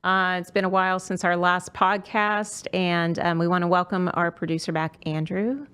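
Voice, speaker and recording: A woman's voice: lowish voice, steady tone, moderate pace, fairly bright tone, clean tone. A middle-aged woman hosting a casual podcast chat, talking with lots of fillers and restarts. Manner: chatty, many fillers and restarts. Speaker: podcast host.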